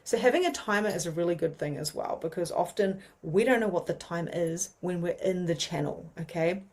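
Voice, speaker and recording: A woman's voice: fairly low pitch, brisk. Chatty New Zealand woman teaching. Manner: chatty, animated, many fillers. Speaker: mediumship teacher. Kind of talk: casual teaching monologue.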